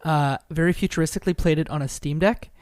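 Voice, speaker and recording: A man's voice: a little high, fast talker, darkish tone, dry recording. Chatty man, dry close sound. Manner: rambling, heavy "like" filler. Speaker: podcast co-host. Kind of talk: casual chat about a video game.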